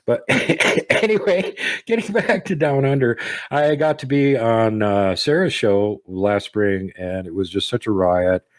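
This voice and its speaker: Low-voiced joking American host. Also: male voice, expressive, unhurried, no echo. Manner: joking, rambling, self-deprecating. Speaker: podcast host. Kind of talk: casual chat.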